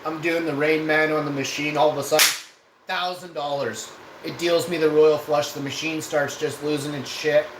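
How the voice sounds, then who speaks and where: A man's voice: a little high, fairly even intonation, moderate pace. A man, a live streamer telling a casual, rambling and profane story. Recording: echoey room with background noise.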